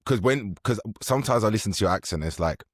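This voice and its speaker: A man hosting a podcast interview, asking questions in a casual, joking way with quick interjections. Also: lowish voice, expressive, dry recording, clean studio sound. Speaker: podcast host.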